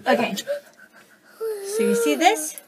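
A woman and mother filming a casual how-to vlog in her home kitchen, talking into an iPad she holds in one hand, chatty and bursting into excited cheers. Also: extremely high pitch, takes it slowly. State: out of breath. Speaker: home DIY vlogger and mother. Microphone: iPad held in one hand. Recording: noisy home recording.

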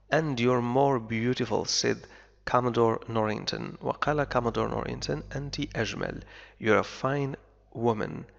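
A man who speaks Arabic natively, reading a story aloud in English slowly and translating it into Arabic as a language lesson. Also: mid-range voice, gravelly, fairly bright tone. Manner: reads English slowly, explains quickly in Arabic. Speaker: English teacher. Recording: dull, lo-fi audio in a reverberant room.

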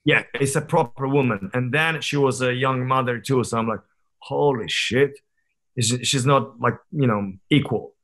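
A man over thirty talks as a podcast guest, working through his stories in a loose, candid way. He circles back often with fillers and half-started words, and his pitch sits in an ordinary middle range. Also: moderate pace, few pauses, a bit bright. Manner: candid, reflective storytelling with frequent fillers and restarts. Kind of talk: casual conversational interview.

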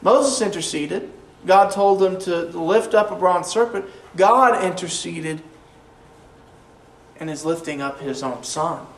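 A man preaching a sermon in a church. He talks earnestly, slows down to stress key phrases, and repeats words as he restarts. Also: sits high. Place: church sanctuary. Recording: roomy echo, mic at a distance, faint room noise.

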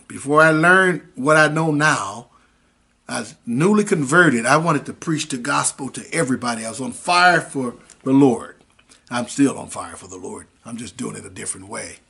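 A minister preaches a sermon online, blending scripture with a dramatic personal testimony in a folksy way and acting out voices as he tells the story. His voice is medium-pitched and a bit bright, with a breathy edge.

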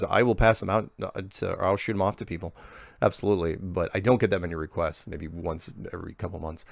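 A low, gravelly male voice reads viewer emails aloud in a casual way. He wanders into relaxed, rambling asides and often restarts his sentences. The sound is close and dry with no room echo. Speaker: channel host answering viewer emails. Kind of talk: casual reading of emails with comments.

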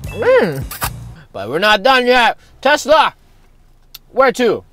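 Man, excitable vlogger, lively up-and-down pitch, playful exclamations. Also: slow pace, over music. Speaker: vlogger host. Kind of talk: energetic food challenge vlog.

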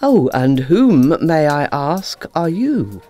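A woman voicing a large, proud male cockerel in a storybook, booming and grand. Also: very animated, slow pace, music in the background, full character voice.

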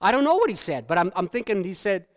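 A male pastor preaching a sermon in a church, emphatic and dynamic, swinging between loud peaks and hushed lows. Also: very animated, quick pace. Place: church sanctuary. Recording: long church hall reverb.

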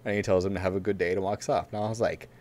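A man's voice: deep voice, steady tone, rapid-fire, a little mellow, a little hiss or hum. A man co-hosting a racing podcast in casual chat, telling a long rambling story full of fillers and frequent laughs. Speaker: podcast co-host.

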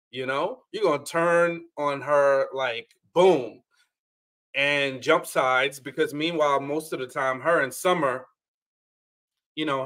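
A man co-hosting a podcast, chatting casually about a reality show, telling stories with lots of laughter and quoted asides. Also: on the high side. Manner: animated storytelling, quotes people in playful voices, laughs often. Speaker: podcast co-host. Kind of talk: casual reality-TV recap chat.

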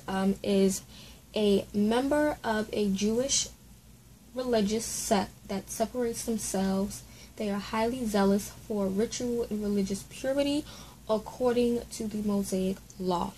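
Woman, home Bible study host, casual, apologetic, spells words aloud, mellow tone, faint background noise. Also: mid-range voice, poor audio.

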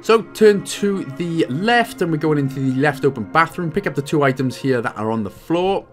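Jokey Welsh gaming commentator. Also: male voice, on the high side, normal speed, faint music behind. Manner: jokey, playful, animated. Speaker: game walkthrough host. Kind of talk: joking gameplay commentary.

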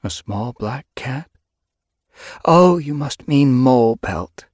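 A man doing a wise female spirit cat from a storybook, pitched above his own voice with a slightly husky edge. She speaks softly and gravely with quiet sympathy, in a dry close recording. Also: lively intonation, slow, no echo. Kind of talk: audiobook character voice.

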